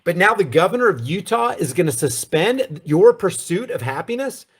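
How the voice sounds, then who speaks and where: Sarcastic high-voiced man ranting. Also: big pitch swings, moderate pace, slightly rough. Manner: sarcastic, fires rhetorical questions. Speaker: commentary host. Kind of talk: political commentary rant.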